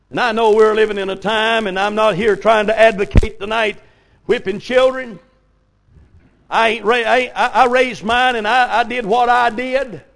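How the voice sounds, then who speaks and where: An older man preaching a folksy revival sermon, telling stories and rising to sudden shouts. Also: very high-pitched, vocal fry. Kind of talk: old-fashioned revival sermon.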